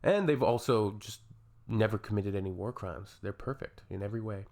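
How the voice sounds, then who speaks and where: Canadian male reaction host, low gravelly voice, dry sarcasm. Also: expressive, brisk, darkish tone. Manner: sarcastic, wry. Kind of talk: reaction commentary.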